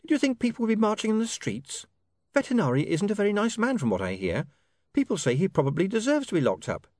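A man voicing a sharp, indignant young working woman who lectures in a heated, snappy way. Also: sits high, very animated, fast talker, dry recording, studio quality, voice pushed up.

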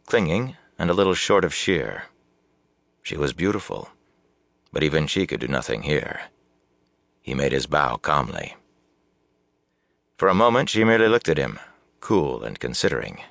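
Super deep guy reading a fantasy book aloud, gravelly, dry close sound. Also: big pitch swings, normal speed, long pauses, fairly bright tone, dry recording. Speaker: audiobook narrator. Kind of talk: scripted narration.

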